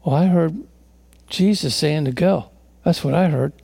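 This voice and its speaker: A man's voice: a little high, measured pace, creaky, mellow, breathy edge, no echo. A man preaching a sermon as a pastor, telling stories earnestly, often restarting and repeating words.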